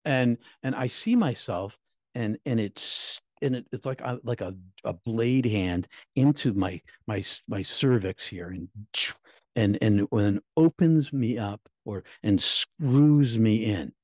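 A middle-aged man and minister recounting his near-death experience in an emotional, halting way, repeating words, his voice climbing high at painful moments. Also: darkish tone, no room sound, clean studio sound. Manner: halting, repeats words, voice rising high when reliving pain. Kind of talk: emotional personal storytelling.

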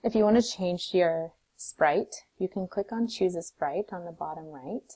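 A woman teacher calmly walking through a coding tutorial step by step, recorded on a desktop mic. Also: lowish voice, unhurried, rough recording. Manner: calm, step-by-step instructions.

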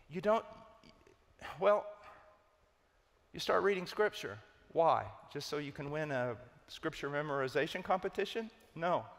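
A man preaching a sermon, emphatic, rising to urgent loud peaks and dropping to low hushed stress. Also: long reverb tail.

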